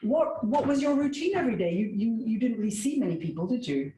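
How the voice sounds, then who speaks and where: A woman's voice: fairly high pitch, expressive, fast, mellow, echoey room, poor audio. Chatty woman hosting from a kitchen. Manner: chatty, laughs often, many fillers. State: coughing from spicy food. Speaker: host. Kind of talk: casual chat. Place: home kitchen.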